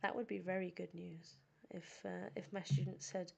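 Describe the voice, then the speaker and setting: A woman teaching English on a live stream, chatting casually in a playful, self-teasing way with soft asides. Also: fairly low pitch, flat delivery, moderate pace, vocal fry, hardly any pauses.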